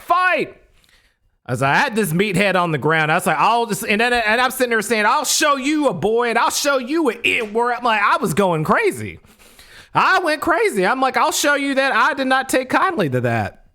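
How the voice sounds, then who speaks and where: A young man with a high, bright voice that swoops up and down as he tells a story. He talks casually and emphatically, swears freely, and often says things twice. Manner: emphatic, profane, repeats himself. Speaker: storytelling YouTuber.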